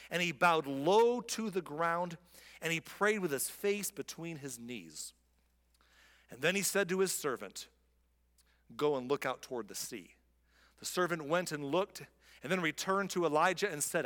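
Male pastor, high-pitched and lively, retelling scripture in a reverberant church hall. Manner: animated storytelling, voices quoted figures with rising pitch. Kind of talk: sermon.

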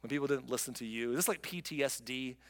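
A pastor preaching a sermon, reading scripture and adding conversational, joking asides. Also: male voice, mid-range voice, fast, big-room sound.

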